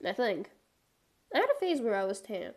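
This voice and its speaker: Very animated and speaking at a moderate pace, a young woman with a mid-range voice chats through her game stream. She rambles, leans on filler words, and jokingly erupts into mock drama.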